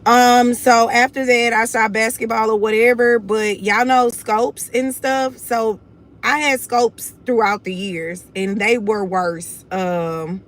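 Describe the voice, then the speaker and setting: Speaking slowly and steadily in a fairly high voice, this young Houston, Texas native runs her own livestream. Her Southern Houston accent comes through as she talks to viewers casually, bluntly, and confidently, addressing them as y'all.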